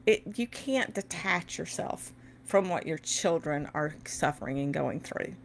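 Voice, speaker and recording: A middle-aged woman speaks straight to her viewers in a heartfelt personal talk. Her voice sits low and has a gravelly fry, and she comes across as emotional and a little preachy. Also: lively intonation, measured pace, a little hiss or hum. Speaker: host and educator.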